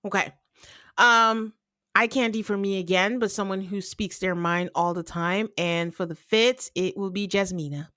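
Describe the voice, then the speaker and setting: A woman's voice: medium pitch, fairly even intonation, moderate pace, sharp tone, no echo, clean studio sound. A woman hosting a podcast in casual chat, wry and laughing often. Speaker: podcast host.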